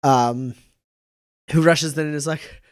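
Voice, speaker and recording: A man running a tabletop game as game master, narrating in a relaxed way with many fillers. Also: a little high, slow, clear, resonant tone, no echo, studio quality.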